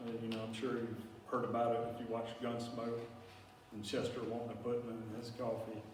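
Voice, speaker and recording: A man's voice: mid-range voice, monotone, fairly quick, a little mellow. Man, casual talk, rambling with fillers, long hall reverb, faint hiss. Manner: rambling, filler-heavy, folksy. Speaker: speaker giving a talk on native plants. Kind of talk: casual presentation to a local audience. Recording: echoey room, distant mic, faint hiss.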